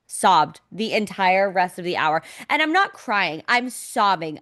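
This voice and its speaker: A woman's voice: mid-range voice, very animated, unhurried, few pauses, a bit bright. A young woman co-hosting a casual podcast, talking in an emotional, dramatic way and swearing freely. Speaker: podcast co-host. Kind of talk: casual chat.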